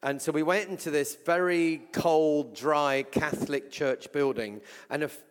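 An English man preaching a sermon and telling healing stories, swinging between loud exclamations and hushed asides. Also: fairly high pitch, steady tone, unhurried, smooth. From England. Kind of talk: sermon with storytelling. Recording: long reverb from a large hall.

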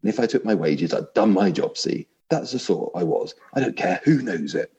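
A man's voice: on the low side, lively intonation, moderate pace, a little mellow, voice pushed up, lightly acted. A man reading aloud and voicing a big, aggrieved male ghost who insists on his rights. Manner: indignant, complaining.

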